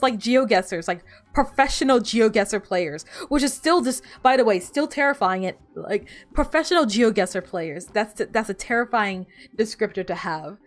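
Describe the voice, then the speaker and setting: A woman's voice: fairly high pitch, expressive, moderate pace, soft background music. A woman streamer chatting casually while playing a game, rambling and laughing often. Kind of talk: casual gaming stream chat.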